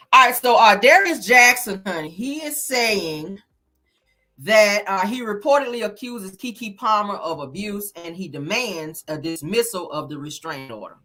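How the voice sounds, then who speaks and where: A woman in her thirties giving blunt, animated celebrity news commentary straight to her viewers and swearing freely. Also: fairly low pitch.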